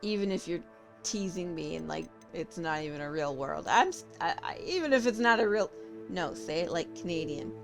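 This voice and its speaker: A Californian woman talks to her viewers while gaming on stream, musing out loud and replying to their comments. Her voice is on the low side and expressive, at a moderate pace, with game music in the background.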